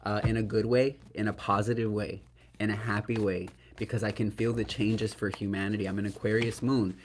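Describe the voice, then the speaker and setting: A man with a fairly low, level voice gives a solo tarot reading to the camera at a brisk pace, with slight background noise. Earnest and emotional, he calls viewers "y'all," often asks "right?", and speaks spiritually, invoking Spirit and archangels.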